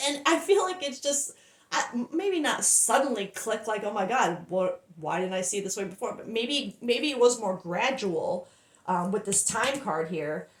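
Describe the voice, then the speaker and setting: A woman's voice: a little high, roomy sound. A woman giving a tarot reading, breathless and stumbling over her words, swearing and apologizing. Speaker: tarot reader.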